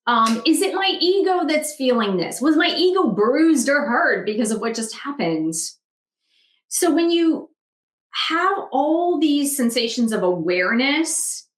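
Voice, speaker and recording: A woman author talking casually in a self-help vlog, earnest and reflective, often asking questions aloud. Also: on the high side. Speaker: author vlogger. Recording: roomy echo.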